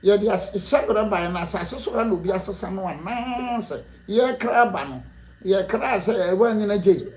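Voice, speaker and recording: Animated Ghanaian man in an echoey room. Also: high-pitched, moderate pace, slight background noise. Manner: animated, rhetorical, laughs between points. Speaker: political guest. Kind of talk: impassioned interview answers mixing Twi and English.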